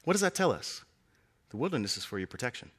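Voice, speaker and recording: A young man preaching a sermon, telling scripture stories with animated delivery and acting out the characters' lines. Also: quick pace, husky. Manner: animated storytelling, acting out characters with big pitch swings.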